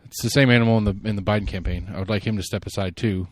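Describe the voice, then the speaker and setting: A man hosting a solo podcast, giving rambling, opinionated political commentary and thinking out loud. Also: on the low side, fairly even intonation, rapid-fire, no echo, clean studio sound. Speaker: podcast host.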